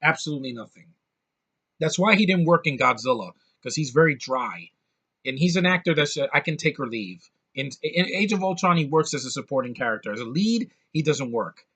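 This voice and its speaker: A man's voice: fairly high pitch, expressive, a little fast, pushed and bright, husky. Blunt, sarcastic man ranting. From United States. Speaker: movie reviewer. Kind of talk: ranting movie review.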